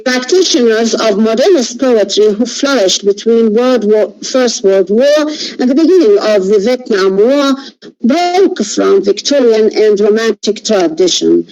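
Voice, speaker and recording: Slow, halting woman lecturing. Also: fairly high pitch, dark tone, dull audio. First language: Arabic. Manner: slow, deliberate with many hesitations and self-corrections.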